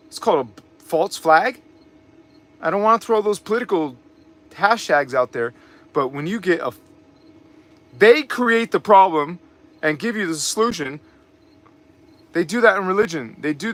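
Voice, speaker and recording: A man with a high voice preaches on a live spiritual stream, and his tone comes across sharp and forceful. He talks emphatically, circles back over his points and breaks into mocking asides. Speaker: spiritual teacher and channel host. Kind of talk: live spiritual teaching talk.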